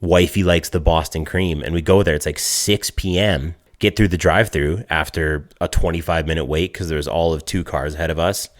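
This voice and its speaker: A man's voice: low-pitched, fairly even intonation, fairly quick, few pauses. A man co-hosting a casual podcast, telling stories in a profane, ranting way. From Canada. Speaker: podcast co-host.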